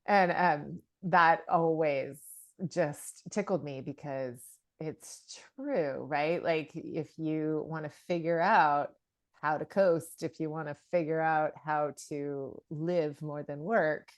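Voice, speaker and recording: A woman's voice: low voice, fairly even intonation, slow, no echo. A woman in her forties co-hosting a podcast in casual chat, chatty and laughing often, with many fillers and restarts. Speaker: podcast co-host.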